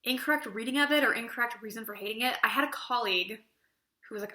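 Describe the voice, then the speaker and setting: Young woman ranting about books, super bright tense voice, kinda high, echoey room. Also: fast. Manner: animated, chatty, acts out quoted exchanges. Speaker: book review vlogger. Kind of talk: casual opinionated chat.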